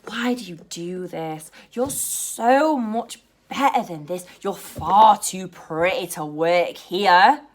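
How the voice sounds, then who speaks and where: A British woman mimicking a patronising male club customer, slow and condescending. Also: on the low side, sharp tone, full character voice. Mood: mocking.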